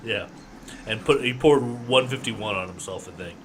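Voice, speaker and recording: A man's voice: medium pitch, normal speed, a bit bright. Male podcast co-host, casual, laughs easily, light background noise. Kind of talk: casual chat.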